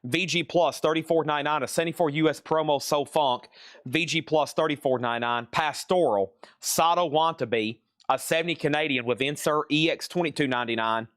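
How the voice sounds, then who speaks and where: A man's voice: on the high side, fairly quick, fairly bright tone, dry recording, clean studio sound. A man hosting a live-stream vinyl record sale, chatting casually as he reels off prices, grades and bidder names. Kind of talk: live-stream auction chat.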